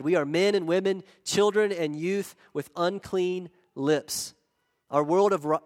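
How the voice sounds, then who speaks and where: A man with a Southern drawl from South Carolina preaches, his voice sitting a little high for a man. He speaks earnestly, leaning on key words and repeating phrases for weight. A long reverb trails each line through a large hall. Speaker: pastor. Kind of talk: sermon.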